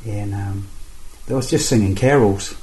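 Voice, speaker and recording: A man telling a faith story in casual conversation, halting and repeating words, with "bro" and "eh". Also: on the low side, a little mellow, roomy sound, poor audio. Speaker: guest sharing testimony.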